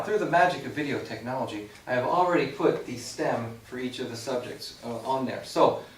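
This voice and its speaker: A man with a slightly high voice teaches a recorded Spanish grammar lesson, patient and explanatory, with playful asides. He stands back from the microphone in an echoey room, with a faint background hum. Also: far from the mic.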